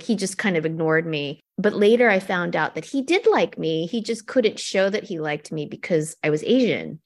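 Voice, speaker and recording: A middle-aged woman, an actor and cartoonist, talking casually as an interview guest and telling animated stories. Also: on the low side. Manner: animated storytelling with quoted asides.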